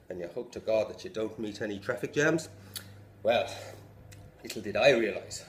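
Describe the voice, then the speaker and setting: A man from England rehearsing a stand-up routine, telling a profane story with animated delivery. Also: medium pitch. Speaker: stand-up comedian. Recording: echoey room, faint hum.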